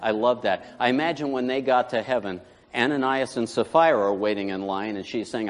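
A man preaching a sermon as pastor, animated, swinging from loud preaching to quiet asides. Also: mid-range voice, a little fast, big-room sound, slight background noise.

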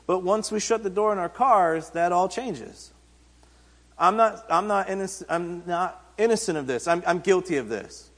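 A man's voice: high-pitched, moderate pace, fairly bright tone. A man giving a casual, conversational sermon, retelling Bible stories in everyday speech. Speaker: pastor and teacher. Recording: reverberant hall.

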